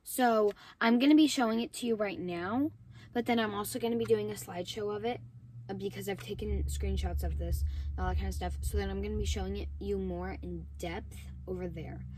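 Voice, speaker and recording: A woman hosting her own vlog, talking to camera in an earnest, emotional way with halting pauses and a hoarse, sore throat. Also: medium pitch, a little mellow, slight background noise. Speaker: vlog host.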